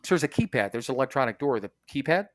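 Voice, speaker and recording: A man's voice: medium pitch, very animated, fast, no echo, clean studio sound. A man co-hosting a podcast, telling a rambling story in casual chat, swearing and laughing as he goes. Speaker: podcast co-host.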